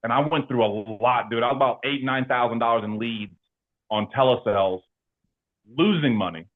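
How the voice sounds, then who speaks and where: A man talking casually as an interview guest about his work, animated and slangy, with lots of fillers. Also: mid-range voice, normal speed. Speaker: insurance agency leader and guest. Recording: tinny phone-like line.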